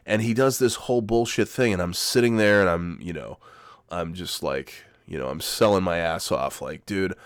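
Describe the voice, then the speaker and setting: Young man, low-pitched, dry; casual self-mocking storyteller who curses freely. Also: moderate pace, clean tone, dry recording. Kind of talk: casual personal anecdote.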